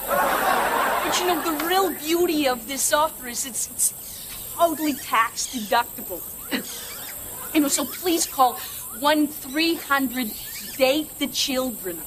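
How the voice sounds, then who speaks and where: A nervous, self-deprecating middle-aged man stammers along, stuffing every gap with filler, as a woman acts him out. The voice sits high for a man. The old broadcast recording carries a clear hiss. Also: expressive, slow pace, long pauses. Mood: rambling. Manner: stammering, endless filler, nebbish. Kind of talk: sketch comedy impression.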